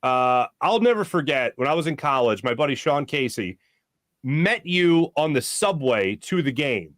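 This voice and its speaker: A man in his thirties hosting a sports talk show, interviewing a guest in a quick, chatty, enthusiastic way. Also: mid-range voice, very animated, a bit bright, dry recording, studio quality. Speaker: sports radio host.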